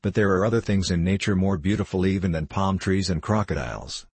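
A man's voice: low voice, a little fast, slightly rough, no room sound. A man voicing a lovesick young king who speaks in an anguished, pleading way. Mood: wistful.

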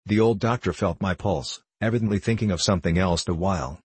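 A man reading a novel aloud as an audiobook narrator, in a measured and steady way. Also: low-pitched, slightly rough, no room sound. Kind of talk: scripted storybook narration.

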